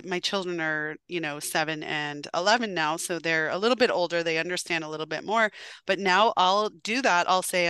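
A woman with a low-pitched but bright, crisp voice, recorded dry and close. She shares practical stories from home in an easy podcast chat. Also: moderate pace, no echo.

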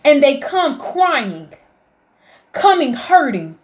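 Woman, devotional vlogger, slow and emotional, preacherly swells. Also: sits high, very animated. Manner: emotional, preacherly, rising to fervent appeals. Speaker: faith vlogger. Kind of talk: heartfelt devotional talk.

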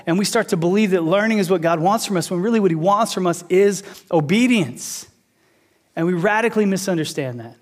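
A man in his thirties preaching a sermon, an animated storyteller who repeats phrases for emphasis. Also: high voice. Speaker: pastor teaching a series.

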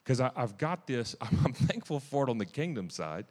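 A man preaching a testimony-style sermon in a church. He is emphatic and zealous, with restarts and sudden loud bursts. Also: mid-range voice, very animated, normal speed, long reverb tail.

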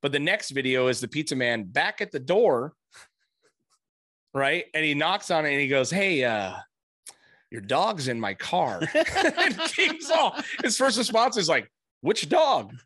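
Animated storytelling man, lively pitch. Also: a little slow, dry recording, clean studio sound. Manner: animated, profane, acts out quotes in raised voices. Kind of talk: casual chat, storytelling.

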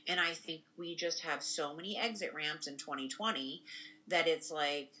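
A woman's voice: sits low, moderate pace, pushed and bright, poor audio. A young woman co-hosting a podcast in casual conversation, rambling and tagging her points with "right?". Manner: rambling, frequent "right?" tag questions. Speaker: podcast co-host and spiritual practitioner.

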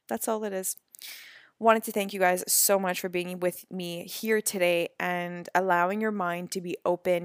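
A woman with a mid-pitched voice hosts her own spiritual podcast in a loose, chatty way. She laughs easily, swears casually and moves quickly between ideas. The recording is dry and close, with no room sound. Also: no room sound. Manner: laughing, swearing, animated storytelling. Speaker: podcast host and coach.

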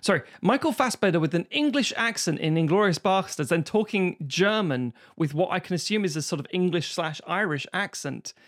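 Podcast cohost guy, a bit high voice, explains stuff, casual swearing. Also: expressive, fairly quick, few pauses. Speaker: podcast co-host.

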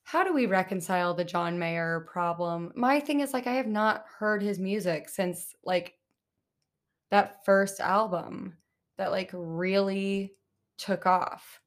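A woman's voice: medium pitch, slow. A young woman hosting a podcast, ranting in a casual, chatty way, full of "like" and "um", with swearing and laughing asides. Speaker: podcast host. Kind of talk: casual solo podcast rant.

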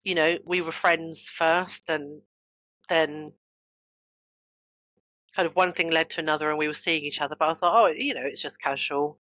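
Woman, low voice, forceful, animated storyteller, self-mocking, dull lo-fi podcast audio. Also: moderate pace, pauses often, no echo. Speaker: guest, author and trauma coach. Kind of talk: podcast interview, personal storytelling.

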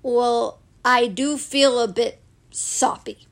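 A woman voicing a shy, polite male teddy bear who speaks slowly and earnestly, with a gravelly voice. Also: fairly high pitch. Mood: timid, earnest. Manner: slow, timid and earnest.

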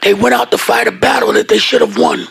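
In this sermon, a pastor with a very high, gravelly-fry voice and fairly even intonation preaches emphatically. He drops to a hush, then shouts, drawing out key words slowly, and jokes casually with the congregation along the way.

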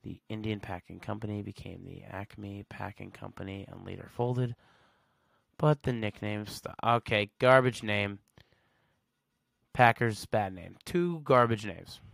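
A man's voice: lowish voice, a little slow, gravelly, pauses often, fairly bright tone, no room sound. A man hosting a solo podcast in a casual, slangy way, reading facts aloud and reacting with blunt verdicts. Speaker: podcast host.

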